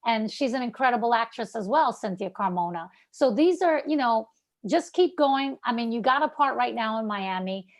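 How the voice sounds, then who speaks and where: A woman with a Brooklyn accent coaches an actor over a video call. Her voice sits a little high, and she talks in an animated, chatty way with plenty of "like" and "um". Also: moderate pace. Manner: animated, chatty, many fillers like "like" and "um". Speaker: acting coach. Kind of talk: coaching feedback.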